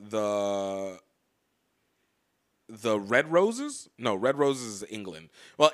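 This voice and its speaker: A man's voice: a little high, a bit bright. A man hosting a rugby show, talking casually with frequent restarts and fillers. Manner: rambling, with many restarts and fillers. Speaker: rugby podcast host. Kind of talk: casual commentary.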